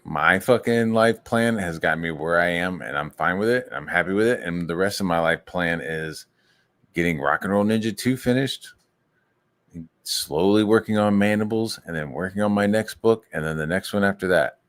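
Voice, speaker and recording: Male streamer on an angry, profane rant; lowish voice, mocks rivals in falsetto. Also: normal speed, fairly bright tone. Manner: angry, swearing, mocks others in high put-on voices. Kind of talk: profane ranting monologue.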